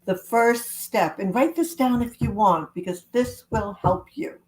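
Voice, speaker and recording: A woman love coach giving an earnest, gentle self-help talk to camera, with spiritual wording. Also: on the high side, unhurried, rough recording.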